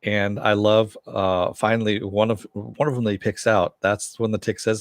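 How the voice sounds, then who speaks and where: A man recapping a TV episode in a relaxed way, chuckling often and using many fillers. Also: on the low side, moderate pace, few pauses, no echo, clean studio sound. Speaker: TV episode reviewer.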